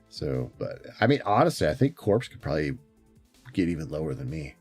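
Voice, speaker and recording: A man with a low, mellow voice chats casually on stream, rambling with frequent fillers and restarts. His pitch swings up and down a lot. The sound is dry, with faint music behind him. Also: very animated, brisk, gravelly, husky, no echo. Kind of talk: casual chat.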